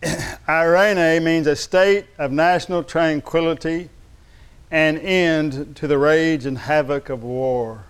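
A male pastor delivering a sermon in a clear, ringing voice. He speaks emphatically and keeps drawing the congregation in with calls to respond. His voice sits a little higher than most men's. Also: fairly even intonation, slow.

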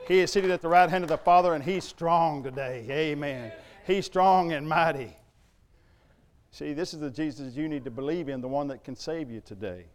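A man's voice: on the high side, moderate pace. A middle-aged man preaching a sermon in a church, emphatic and conversational, full of rhetorical questions. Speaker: pastor.

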